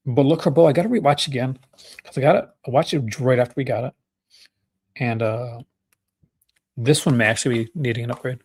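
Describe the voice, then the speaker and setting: A man's voice: mid-range voice, brisk, pauses often, breathy edge. Chatty Canadian man hosting a livestream. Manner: chatty, enthusiastic, with many fillers and restarts. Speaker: livestream host. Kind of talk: casual livestream chat.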